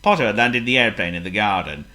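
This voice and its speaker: A storyteller reading a children's picture book aloud in a lively, theatrical way. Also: mid-range voice, fast. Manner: lively, theatrical, voices every figure.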